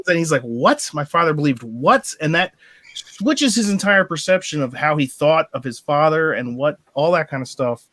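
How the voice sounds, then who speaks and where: A man hosting a casual movie discussion, excitable, laughing often and acting out quotes. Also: a little high, normal speed. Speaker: podcast host.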